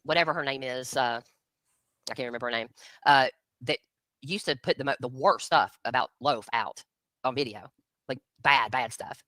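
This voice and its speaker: Low-voiced blunt woman, bright and dry. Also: normal speed, long pauses, no echo. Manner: blunt, combative, repeated challenges. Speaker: livestream co-host. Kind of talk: heated casual commentary.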